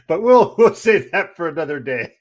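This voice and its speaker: A man co-hosting a podcast, recounting things in a relaxed, wry way with frequent "uh" pauses. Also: sits high, lo-fi sound. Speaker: podcast co-host. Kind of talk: casual discussion.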